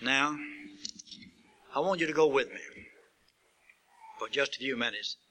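A man preaching a sermon who builds to emphatic peaks and asks rhetorical questions, stretching out key words slowly. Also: medium pitch, sharp tone, poor audio. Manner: slow drawn-out stresses on key words.

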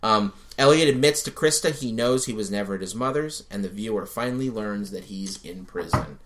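A man co-hosting a podcast, chatting casually and excitedly, swearing freely and acting out his own reactions. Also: on the low side, brisk, background noise. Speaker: podcast co-host. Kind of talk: casual chat reviewing a TV show.

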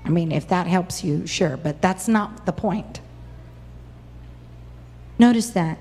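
A woman preacher giving an impassioned sermon, acting out quoted voices with big swings in pitch. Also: slow, long pauses, dark tone, slightly rough, in a large hall. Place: church.

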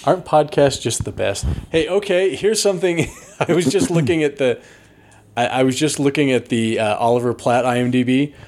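A man with a mid-pitched voice co-hosts a podcast. He banters with dry, playful humor in casual chat. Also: normal speed, darkish tone. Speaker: podcast co-host.

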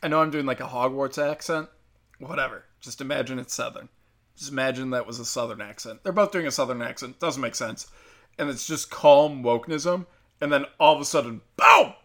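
A man's voice: medium pitch, brisk. A young man hosting a casual, heated commentary, sarcastic and profane, with lots of fillers. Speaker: commentary host.

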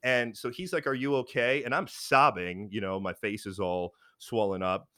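Brief: low-voiced man, frank rambling storyteller, dry close sound, lots of ums. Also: expressive, moderate pace, pushed and bright, no room sound. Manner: rambling, frank, many fillers and restarts. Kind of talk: casual chat, personal storytelling.

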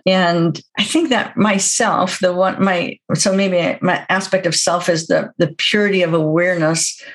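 A woman talking as a guest on a podcast in a reflective, gentle way, often laughing softly. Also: on the low side, fairly even intonation, unhurried. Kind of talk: casual podcast conversation.

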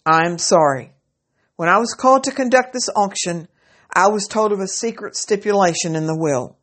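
A woman's voice: mid-range voice, moderate pace, fairly bright tone, voice pushed up, close to an everyday voice. A woman calling as a pressing auctioneer. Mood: solemn. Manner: calling out bids in a raised, pressing voice. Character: insistent male auctioneer at an estate sale.

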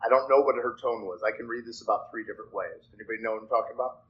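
A man preaching a sermon, chatty and animated, asking his listeners questions and moving between loud dramatic reading and soft asides. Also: fairly low pitch, rapid-fire, slightly rough, dull audio. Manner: animated, conversational, asks the congregation questions.

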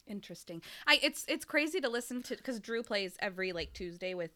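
A woman in her thirties, congested from a cold, chats casually as a podcast co-host. Her medium-pitched voice is expressive, brisk, bright, and forceful, and she tells long rambling stories with frequent laughter.

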